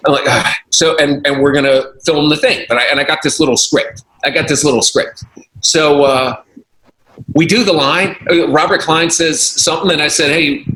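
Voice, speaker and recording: Bright animated man telling a story. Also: fairly high pitch, normal speed. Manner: animated, acts out quoted voices, laughs often. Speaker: comedian guest. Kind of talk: casual storytelling. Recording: roomy echo, faint noise.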